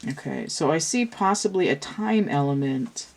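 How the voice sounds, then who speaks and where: A woman with a low, deep voice reads tarot cards in a casual, unscripted way. She thinks aloud as she goes, wandering and restarting her sentences. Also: lively intonation, normal speed. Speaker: tarot reader. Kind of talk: casual tarot reading talk.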